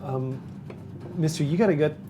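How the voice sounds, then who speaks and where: A man playing a small young woman who takes charge and reassures a hurt stranger in a tabletop game, speaking in a brisk, insistent way. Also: fairly high pitch, loud music behind the voice, lightly acted. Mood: reassuring.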